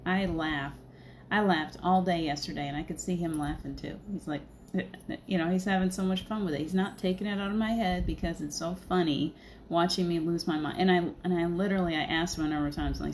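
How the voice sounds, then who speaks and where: A woman's voice: on the low side, a little fast, a little hiss or hum. A woman hosting a casual livestream as a spiritual medium, chatting in a rambling way and laughing often.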